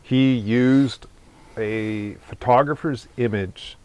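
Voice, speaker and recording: Deadpan man hosting a podcast. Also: mid-range voice, slow pace, smooth. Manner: dry, deadpan joking, leads into the news topics. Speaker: podcast host. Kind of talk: casual chat.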